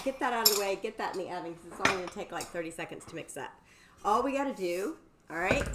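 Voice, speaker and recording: Woman, lively bright cooking-stream host, faint kitchen clatter. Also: mid-range voice, slight background noise. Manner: bubbly, chatty, talks to viewers. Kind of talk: live cooking stream chat. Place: home kitchen.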